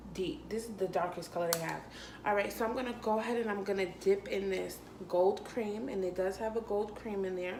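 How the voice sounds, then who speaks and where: A young adult woman, a makeup artist and beauty vlogger, talks through a casual makeup tutorial in a mid-range voice, sassy and playful, laughing often and calling her viewers honey and sis. The room is echoey, with a little hiss or hum.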